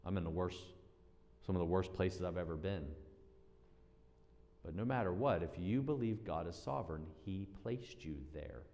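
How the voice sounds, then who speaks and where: A man preaching a sermon as pastor, animated, acting out quoted voices with big swings in pitch and loudness. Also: moderate pace, pauses often. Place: church sanctuary. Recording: long church-hall reverb.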